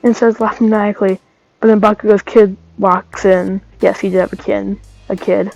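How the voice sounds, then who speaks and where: A woman's voice: medium pitch, flat delivery, normal speed, creaky, darkish tone, dull audio, soft background music. A woman telling a made-up fan story in a casual, rambling way that keeps stopping to correct itself. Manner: rambling, trailing off, self-correcting.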